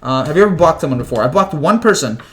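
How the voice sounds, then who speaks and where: A man's voice: a little high, animated, quick pace. A young man in his twenties hosting a casual livestream, chatting with viewers in a rambling way, full of fillers and stammered restarts. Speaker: livestream host. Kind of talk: casual live chat reading viewer comments.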